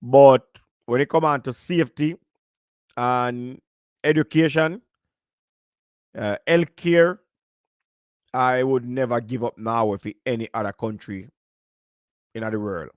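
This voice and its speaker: A man with a Jamaican accent talks in an easy, joking way and slips in and out of patois. His voice sits at an ordinary pitch for a man. The sound is dry and close, with almost no room echo. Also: steady tone, slow, pauses often. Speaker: podcast guest. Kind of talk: casual live-stream chat.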